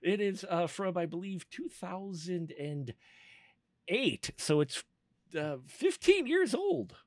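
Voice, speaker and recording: Lively, laugh-prone male podcast host. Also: sits high, slow pace, no room sound. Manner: laughs often, animated and chatty. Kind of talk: casual movie-podcast chat.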